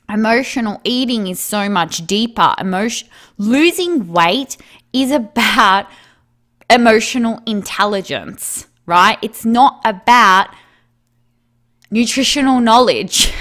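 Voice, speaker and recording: A woman's voice: medium pitch, fairly bright tone. A woman speaking as a weight loss coach, giving a casual motivational monologue to viewers, with frequent "like" and "right?" between her points.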